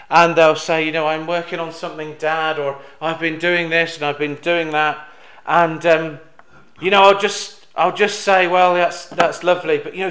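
A man preaching a sermon in a roomy, echoing hall. His voice sits a little high and sounds bright and forceful. He hesitates with fillers, then swells into loud, emphatic declarations. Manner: rises to loud emphatic peaks on quoted cries; hesitant with fillers and restarts, drops soft on reflective lines.

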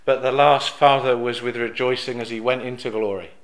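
A man preaching a sermon. He drops soft on reflective lines, hesitates with fillers and restarts, and rises to loud, emphatic peaks on quoted cries. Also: mid-range voice, fairly even intonation, a little fast, reverberant.

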